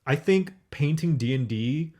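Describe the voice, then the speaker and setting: A man's voice: fairly high pitch, lively intonation, unhurried, darkish tone. Chatty young man giving opinions. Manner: chatty and opinionated, many fillers like "like" and "um". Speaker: podcast co-host. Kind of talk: casual chat, movie review.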